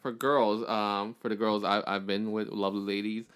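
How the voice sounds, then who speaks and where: A man's voice: fairly low pitch, little pitch movement, normal speed, fairly bright tone, smooth. A young adult man chatting on a podcast, rambling and joking with lots of fillers. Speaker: podcast guest. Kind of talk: casual chat.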